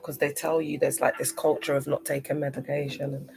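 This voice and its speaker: A young woman on a livestream, speaking emotionally and haltingly, often repeating herself. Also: sits low, level tone, vocal fry. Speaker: live stream host.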